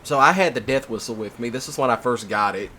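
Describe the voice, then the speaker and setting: A man hosting a casual chat, telling stories in an animated way, laughing often and swearing freely. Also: mid-range voice, fast, a little hiss or hum. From Mississippi. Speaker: host.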